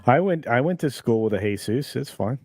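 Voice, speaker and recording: A man joining a casual podcast as a guest, talking in a relaxed way with some hesitant fillers. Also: mid-range voice, fairly quick, very noisy. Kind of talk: casual chat.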